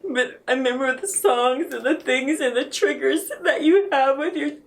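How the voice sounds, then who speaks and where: A woman's voice: high-pitched, normal speed, recorded from a distance. A grieving woman in an interview, crying and laughing through tears as she tells a personal story. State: tearful. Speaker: interview guest. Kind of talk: emotional personal testimony.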